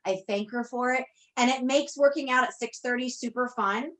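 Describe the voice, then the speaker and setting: A woman's voice: high voice, normal speed, a bit bright. Gushing woman coach on a team call. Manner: effusive, gushing, repeats herself. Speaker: business coach.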